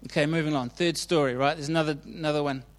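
Chatty preacher with a slightly high voice. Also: male voice, steady tone, fast talker. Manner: chatty and informal, often checks in with the audience. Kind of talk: casual sermon retelling Bible stories.

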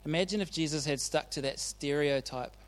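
Chatty preacher with a slightly high voice. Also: male voice, brisk. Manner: chatty and informal, often checks in with the audience. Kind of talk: casual sermon retelling Bible stories.

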